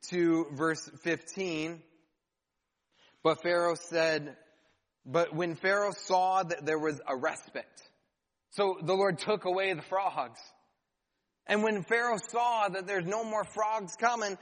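A man's voice: sits high, fairly bright tone. A man preaching a sermon as pastor, reading scripture aloud and adding rhetorical questions and dry asides. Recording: long hall reverb.

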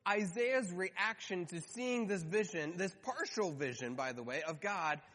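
A man preaching a sermon in an animated, conversational way, slowing down to stress key words. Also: high voice. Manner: animated, conversational, slows for emphasis. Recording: hall reverb.

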